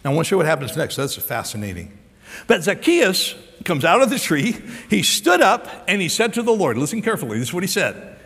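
An American man preaching a sermon as pastor, acting out the story's dialogue with lively energy. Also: high voice, a little fast, creaky, in a large hall. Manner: animated preacher, acts out dialogue.

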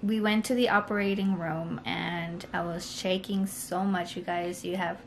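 A woman's voice: fairly low pitch, steady tone, measured pace, a little hiss or hum. A young woman telling a personal story to camera in a casual vlog, rambling and full of "like" and "you know". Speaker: vlogger.

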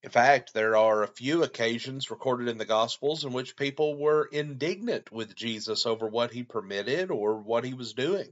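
A man preaching a short devotional, reading scripture and explaining it in a measured way. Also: mid-range voice, muffled recording.

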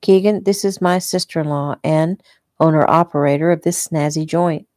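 A woman reading the part of a friendly man who chats and flatters. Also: on the high side, moderate pace, no room sound, clean studio sound, close to an everyday voice. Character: friendly man, charming brother-in-law.

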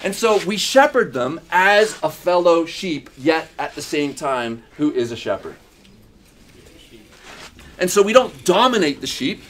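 Emphatic preaching man, fairly high voice. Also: lively intonation, a little slow, fairly bright tone. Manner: emphatic preaching with repeated phrases and rhetorical questions. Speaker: pastor. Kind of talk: sermon. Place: church in Uganda.

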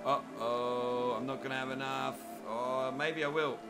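A man's voice: medium pitch, steady tone, measured pace, music in the background. An Australian man giving cheeky live commentary on a video game while joking with viewers by name. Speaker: gaming commentator.

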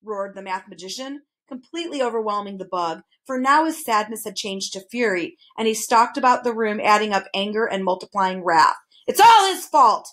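A woman reading a chapter book aloud with expressive, even narration. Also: mid-range voice, brisk, few pauses. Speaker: reader. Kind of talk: storybook read-aloud.

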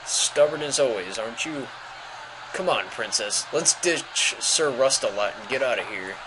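A man's voice: medium pitch, lively intonation, measured pace, background noise, natural voice. A man voicing a cocky young male thief who talks casually and teases. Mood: teasing. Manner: casual and teasing. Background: loud game music.

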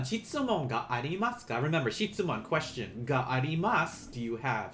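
A man teaching a beginner Japanese lesson on a live stream, explaining in a relaxed, chatty way with many fillers and restarts. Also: medium pitch, brisk, slight background noise.

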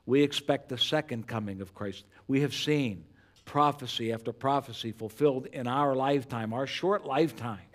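An older pastor in his sixties delivering a sermon in church, earnest and conversational, dropping soft and low then rising loud for emphasis. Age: 60s. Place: church sanctuary.

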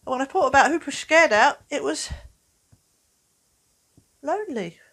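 A woman talks to children in a bouncy, animated way, her pitch climbing and dipping all over the place. She sounds playful and encouraging, like a presenter explaining feelings to a class. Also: unhurried. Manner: animated, playful, acts out little voices. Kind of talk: talking to children in an educational video.

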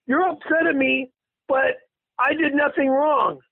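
A bewildered middle-aged woman, calm and placating, as a man puts her on. The voice sits high and catches in a gravelly fry. It comes through dry and tinny, like a phone line. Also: a little slow, no echo, heavily acted.

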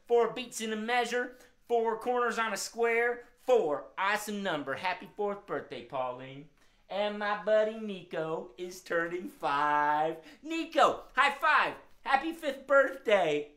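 A woman's voice: medium pitch, fairly bright tone. A woman who hosts a live-streamed children's music show, speaking in an upbeat way and addressing the kids directly.

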